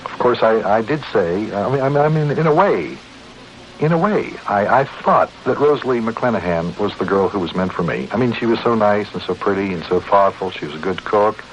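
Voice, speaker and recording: A man's voice: fairly low pitch, expressive, fairly quick, natural voice. Shy stammering lovesick guy, played by a man, old muffled radio play. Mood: glum. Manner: hesitant, stammering. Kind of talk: 1950s radio acting. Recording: dull old radio recording, faint hiss.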